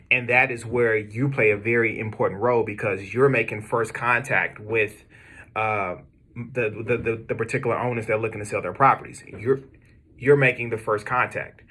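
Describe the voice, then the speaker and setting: A man's voice: mid-range voice, bright, forceful tone, slightly rough. An American man giving his cold-calling team an emphatic, repetitive motivational training talk to camera. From United States. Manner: emphatic, repetitive, direct pep-talk delivery. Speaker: business owner coaching cold callers. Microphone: camera video, speaking to viewers.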